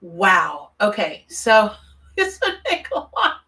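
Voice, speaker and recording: A woman's voice: mid-range voice, huge pitch swings, takes it slowly, gravelly, pushed and bright, far from the mic. A woman, live-streaming a tarot reading from her home office, chatty and effusive as she greets viewers. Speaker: tarot reader on a livestream.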